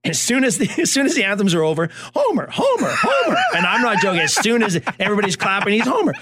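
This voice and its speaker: A man co-hosting a casual talk show, telling animated stories and acting out the voices of the people in them. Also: high-pitched, rapid-fire, no echo. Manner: animated storyteller, acts out voices. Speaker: co-host, former baseball coach. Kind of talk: storytelling in casual chat.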